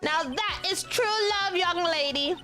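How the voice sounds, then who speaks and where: A giddy, lovestruck young man, played by a woman, doting and high-voiced, a game character with music playing behind him. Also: a little slow.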